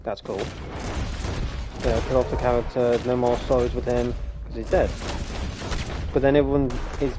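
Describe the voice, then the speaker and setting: A man's voice: mid-range voice, little pitch movement, moderate pace, long pauses, noisy background. A young man rambling casually over gameplay on a headset mic, chatty, laughing often and swearing. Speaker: game streamer. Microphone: gaming headset.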